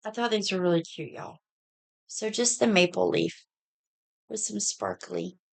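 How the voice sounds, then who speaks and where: A middle-aged woman with a Southern US accent, a bit hoarse, chatting in a folksy way through a casual haul video. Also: medium pitch, unhurried. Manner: chatty, folksy, says y'all. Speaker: vlogger.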